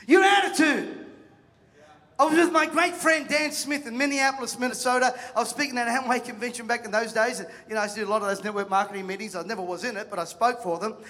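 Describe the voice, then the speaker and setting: A man preaches to a congregation, telling stories and acting out the people in them. His voice sits very high and rings bright and forceful. A long reverb from the hall trails his words. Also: rapid-fire, few pauses. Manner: animated storytelling, acts out voices, jokes with the crowd. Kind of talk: sermon.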